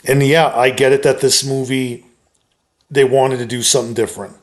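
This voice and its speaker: A man's voice: mid-range voice, steady tone. Man giving a casual film opinion. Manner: conversational and measured, with frequent hedges. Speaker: YouTuber reviewing a film.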